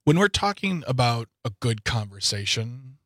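A playful male radio co-host who jokes his way through the talk. His voice is bright and forceful, recorded close and dry in a studio. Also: mid-range voice, big pitch swings, moderate pace, no echo. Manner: jokey, playful banter. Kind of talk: casual radio chat.

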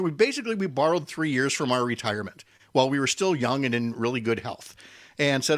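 A man's voice: fairly high pitch, quick pace, fairly bright tone, dry recording, clean studio sound. An older man, a radio host and interview guest, chatting casually and telling stories with self-deprecating humor.

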